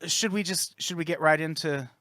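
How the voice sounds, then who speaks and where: Deadpan man hosting a comedy podcast. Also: a little high, normal speed, no room sound, studio quality. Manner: deadpan, teasing, runs the show. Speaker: podcast host. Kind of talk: casual comedy podcast chat.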